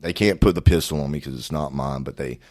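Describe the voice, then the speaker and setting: A man tells his story as a podcast guest. His voice sits extremely low, and he talks in a loose, rambling way, swearing freely and leaning on fillers. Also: fast talker, a little mellow. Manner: profane, rambling, frequent fillers. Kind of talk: casual storytelling.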